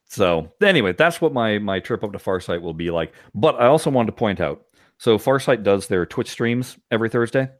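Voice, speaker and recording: A man's voice: on the low side, animated, a little fast, no echo, studio quality. A man hosting a podcast, chatting casually and animatedly, with frequent laughs. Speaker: podcast host. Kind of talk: casual chat.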